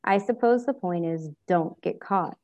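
A woman's voice: lowish voice, normal speed, a little mellow, lightly acted. A woman voicing a brooding, sardonic older male wizard who drawls his lines dryly. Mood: drawling. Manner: dry, drawling.

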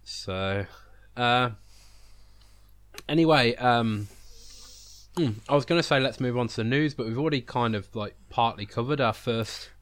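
A man's voice: medium pitch, a little slow, pauses often, fairly bright tone. A man with a British accent, co-hosting a casual podcast chat, rambling and teasing while he eats. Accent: British English. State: talking while eating. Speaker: podcast co-host.

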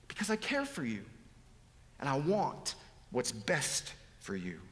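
A man preaching a sermon, dropping to hushed whispers and rising to loud, pleading appeals. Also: medium pitch, sing-song, takes it slowly. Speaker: pastor. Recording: long hall reverb.

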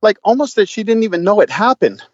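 A man guest on a podcast, telling a story in a casual, profane, animated way with lots of fillers and restarts. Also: high-pitched, fast talker, dry recording, muffled recording.

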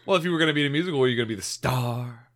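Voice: mid-range voice, racing, fairly bright tone. A podcast co-host in casual chat who giggles often and tells stories in a loose, rambling way.

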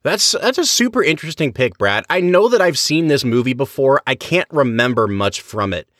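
A man's voice: medium pitch, moderate pace, no room sound. Chatty guy cohosting a podcast, voice jumps all over, dry close sound. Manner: enthusiastic, chatty, animated. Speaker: podcast co-host. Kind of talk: casual chat.

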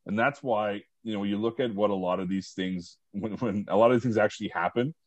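Low-voiced man, rambling podcast host. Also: a little fast, dry recording, highs cut off. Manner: rambling, many fillers and restarts. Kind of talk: casual movie and sports chat.

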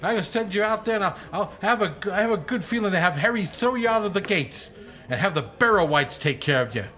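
A man's voice: high-pitched, expressive, quick pace, sharp tone, voice pushed up. A man voicing a stern, bossy tavern woman who scolds a troublemaker. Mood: scolding. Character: stern female innkeeper's helper, bossy.

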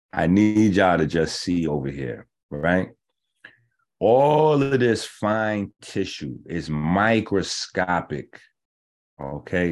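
A man hosting a health show, lecturing bluntly and profanely in a casual rant, slowing down to explain points step by step. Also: sits low. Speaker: host of a natural health show. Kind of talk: ranting casual commentary.

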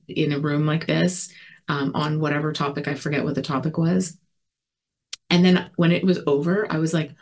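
A woman giving a personal recovery share, earnest and reflective, talking in a halting way with many fillers and restarts. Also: deep voice. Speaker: recovery community speaker.

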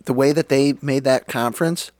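A man's voice: mid-range voice, normal speed, darkish tone, no room sound. A young man co-hosting a podcast, chatting casually about football, laid-back and swearing often. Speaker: podcast co-host. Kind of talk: casual sports chat.

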